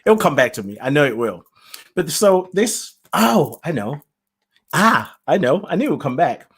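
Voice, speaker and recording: On his self-produced solo podcast, a UK-based host offers a casual, rambling spiritual monologue, thinking aloud, laughing a lot and drifting off track. His voice sits on the high side with big pitch swings, a normal speed and a slightly rough texture.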